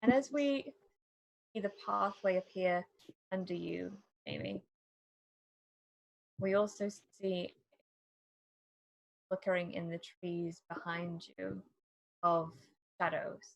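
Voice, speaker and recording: A woman narrating a tabletop game in a measured, dramatic way. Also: lowish voice, expressive, vocal fry, no room sound, lo-fi sound. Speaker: game master.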